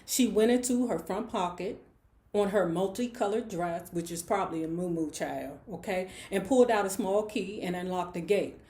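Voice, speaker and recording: A woman's voice: medium pitch, normal speed, dark tone. A woman in her forties, hosting a book club, retells a novel in casual talk with sassy, blunt, profane asides. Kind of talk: casual story recap. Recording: roomy echo.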